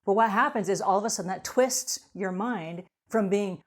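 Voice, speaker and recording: A woman's voice: medium pitch, normal speed, few pauses. Earnest woman coaching cleaning business owners. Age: middle-aged. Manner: earnest, repeats "okay?" to check in. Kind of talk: motivational talk to camera.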